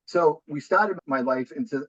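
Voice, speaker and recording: A man's voice: on the high side, measured pace, fairly bright tone, slightly rough, dry recording, lo-fi sound. A man in his forties from New Hampshire with a thick Boston accent, a talkative and upbeat podcast guest telling his story. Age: 40s. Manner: upbeat, talkative, self-deprecating. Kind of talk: casual interview.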